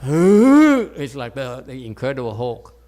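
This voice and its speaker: A man's voice: mid-range voice, huge pitch swings, slow pace, warm tone. A man giving a Buddhist dharma talk to a live audience, playful and joking, often checking in with his listeners. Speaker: Chan meditation teacher. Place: meditation center hall with audience.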